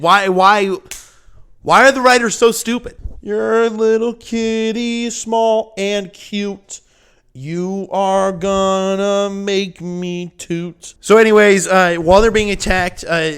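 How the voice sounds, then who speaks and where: Sarcastic young man ranting, bright voice. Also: high voice. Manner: sarcastic, exasperated, shouting outbursts. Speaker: video reviewer. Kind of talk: ranting commentary.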